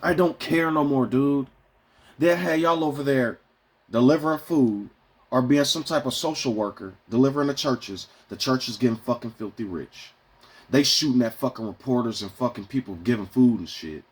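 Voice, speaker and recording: A man venting casually to his viewers in a profane, rambling way, swinging between heated outbursts and quieter musings. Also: medium pitch, moderate pace, husky. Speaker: vlogger. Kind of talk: casual rant to camera.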